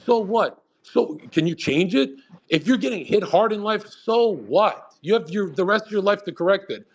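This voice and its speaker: A man's voice: high voice, lively intonation, moderate pace. A man hosting a live audio chat, giving blunt, profane pep talks and arguing with callers. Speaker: host. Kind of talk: motivational talk on a live audio room.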